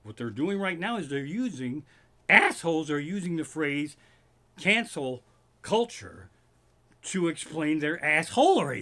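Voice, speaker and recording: A man in his living room doing a stand-up rant on a livestream. His pitch sits fairly high and swings up and down a lot as he rants with plenty of swearing. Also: moderate pace. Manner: profane, ranting, animated. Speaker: comedian hosting a livestream.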